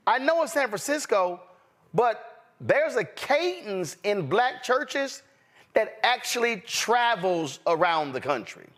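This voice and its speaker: Emphatic man with lively pitch. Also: slow. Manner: emphatic, preacher-like cadence. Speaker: host. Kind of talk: live political commentary.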